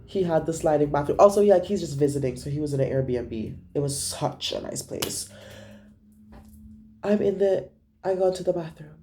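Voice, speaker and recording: A young woman vlogger telling a casual storytime, animated, gossipy and full of swearing. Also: low-pitched, normal speed, a little hiss or hum.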